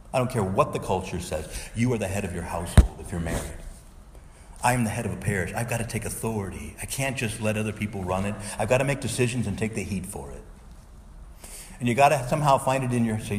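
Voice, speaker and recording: A man's voice: lowish voice, quick pace, big-room sound, a little hiss or hum. A male Catholic priest preaching a sermon, earnest and exhorting, sometimes pleading with his listeners.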